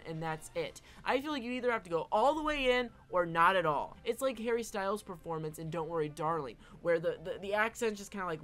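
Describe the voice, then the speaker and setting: A woman's voice: mid-range voice, fairly bright tone. A woman giving casual opinion commentary as an online film commentator, emphatic and often tagging her points with "all right?".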